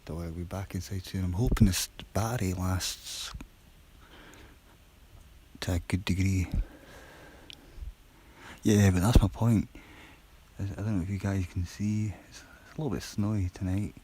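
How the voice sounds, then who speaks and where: A man on a live stream, chatting casually and quietly to viewers during a break from his shift, rambling and poking fun at himself. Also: deep voice, fairly even intonation, measured pace, long pauses, breathy edge, low-quality recording. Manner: rambling, chatty, self-deprecating; talking quietly. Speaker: livestreamer on a work break.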